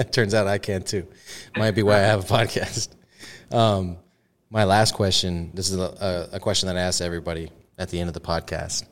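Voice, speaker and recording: Man, podcast host, very low voice, casual chat, jokey, laughs easily. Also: level tone, normal speed.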